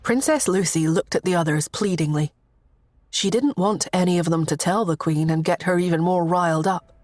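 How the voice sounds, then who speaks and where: Lower-voiced woman narrating a story. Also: no echo. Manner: steady, measured reading. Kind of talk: scripted narration.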